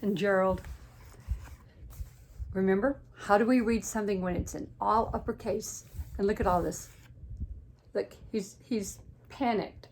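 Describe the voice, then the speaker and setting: Slow, gentle storytime teacher, a woman. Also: mid-range voice, slight background noise. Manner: gentle, questions and asides to young listeners. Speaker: teacher reading aloud. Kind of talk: children's storytime reading.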